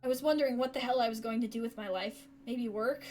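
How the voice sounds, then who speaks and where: A woman streamer reading a story game aloud, expressive with gasping reactions. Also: on the high side, fast talker, faint music behind. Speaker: gaming streamer.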